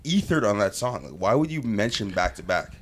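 A man co-hosting a casual podcast, quick and questioning as he debates with friends. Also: lowish voice, very animated. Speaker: podcast co-host. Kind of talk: casual chat.

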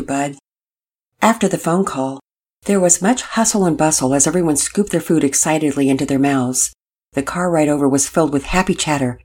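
A woman with a low, husky voice reads a storybook aloud. Her narration is steady and plain, unhurried between the characters' lines.

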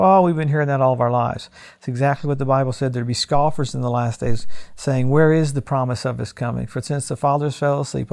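Gravelly middle-aged man, pastor doing emphatic end-times commentary, mid-pitched. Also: a little mellow. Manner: emphatic, conversational preaching with repeated phrases.

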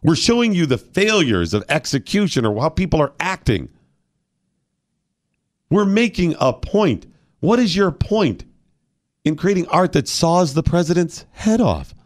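A man's voice: fairly high pitch, very animated, unhurried, no echo, clean studio sound. Opinionated male talk radio host. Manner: argumentative, fires off rhetorical questions.

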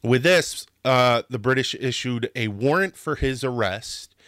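A man's voice: mid-range voice, lively intonation, measured pace, a bit bright, no echo, studio quality. A man hosting a history talk, telling it in a casual, passionate way that sometimes gets worked up, with restarts and a swear now and then. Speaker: history podcast host.

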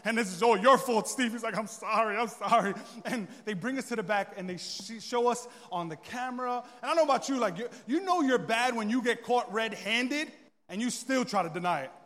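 A man's voice: extremely high pitch, a little fast. A young man preaching a sermon, telling a funny story and acting out the dialogue with lots of energy. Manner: animated, joking, acts out dialogue. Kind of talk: sermon storytelling to a live audience. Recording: long reverb of a large hall.

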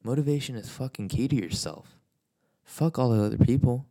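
A man's voice: medium pitch, lively intonation, brisk, dark tone. A man giving a blunt, profane motivational rant, swearing constantly and repeating himself.

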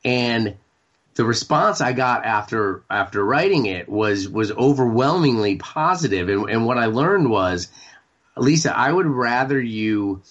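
A man in his forties from Maine, a radio show guest talking candidly, halting and repeating words with many fillers. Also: mid-range voice, lively intonation, a bit bright, dull audio. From Maine, United States. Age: 40s. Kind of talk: candid interview talk.

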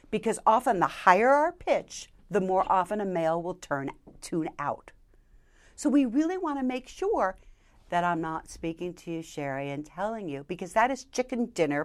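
A woman, a keynote speaker, giving interview advice in an animated, emphatic way. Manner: animated, emphatic delivery with lively pitch swings. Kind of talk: conversational interview, coaching tips.

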